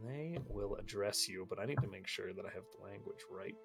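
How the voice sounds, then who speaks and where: A man narrating a tabletop role-playing game as game master, describing scenes in a relaxed way with frequent fillers. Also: lowish voice, a little fast, creaky, over music.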